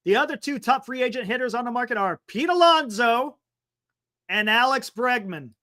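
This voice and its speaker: A man hosting a sports talk livestream, reading an article aloud and breaking off for quick excited asides. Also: very high voice. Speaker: sports talk show host. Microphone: streaming setup microphone.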